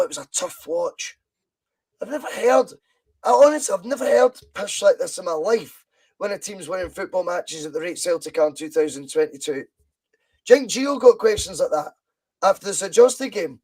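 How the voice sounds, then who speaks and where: A Scottish man in his thirties with a high voice rattles on in a casual podcast, excitable and sweary. He drifts from point to point over a video call. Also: poor audio. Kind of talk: casual football podcast chat.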